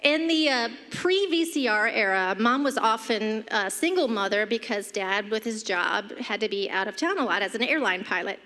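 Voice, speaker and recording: A woman's voice: fairly high pitch, lively intonation, moderate pace, few pauses. A middle-aged woman giving a humorous eulogy for her mother, telling family anecdotes with light laughter at a church podium. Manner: warm anecdotal delivery, laughing between stories. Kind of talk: humorous memorial storytelling. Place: church sanctuary. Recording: long church reverb.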